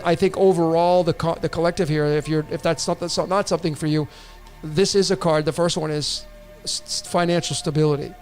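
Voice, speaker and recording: Man, tarot livestream host, loose and rambling with restarts, higher voice. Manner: rambling, repetitive restarts, casual swearing. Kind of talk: casual livestream reading.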